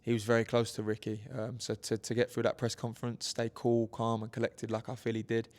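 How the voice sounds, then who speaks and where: Fast-talking young boxer. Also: male voice, medium pitch, monotone, darkish tone. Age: 20s. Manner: earnest, fast, with fillers and restarts. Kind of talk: interview. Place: boxing gym, indoors.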